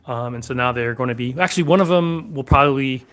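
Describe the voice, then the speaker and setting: A man's voice: medium pitch, fast. A man hosting a sword shop livestream in a back room, chatting casually and answering viewer questions. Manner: relaxed, rambling, answers chat questions.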